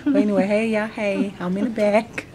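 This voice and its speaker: A nervous woman chats casually to a handheld camera, vlogging at home and in a hospital pre-op room with plenty of slang and frequent laughter. Her voice sits at medium pitch with fairly even intonation and a normal pace, and a crowd can be heard behind her.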